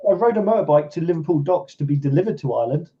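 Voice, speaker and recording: A man from England, a guest on a livestream video call, talking quickly with hesitant restarts. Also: fairly high pitch, animated. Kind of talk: casual chat. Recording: dull lo-fi video call audio.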